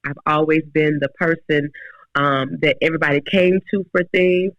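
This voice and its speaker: A woman's voice: low voice, steady tone, moderate pace, dry recording, muffled recording. A woman in her forties, a podcast guest, telling her faith story earnestly with many restarts. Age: 40s. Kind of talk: casual faith talk.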